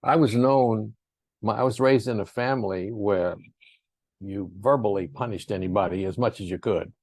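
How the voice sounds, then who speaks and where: A man's voice: on the low side, moderate pace, a little mellow, no echo. A man giving an earnest, rambling spiritual talk, who acts out quotes in raised voices. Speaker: speaker in a spiritual talk series.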